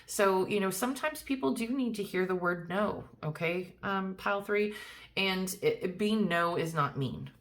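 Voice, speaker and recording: A woman's voice: mid-range voice, moderate pace. A woman giving a casual tarot card reading, chatty and reassuring, talking straight to the viewer with many fillers and restarts. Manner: reassuring, speaks directly to viewer. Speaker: tarot reader.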